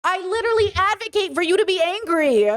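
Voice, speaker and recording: A woman's voice: extremely high pitch, lively intonation, brisk. A woman giving reaction commentary, chatty and direct as she lectures her viewers. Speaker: commentary vlogger.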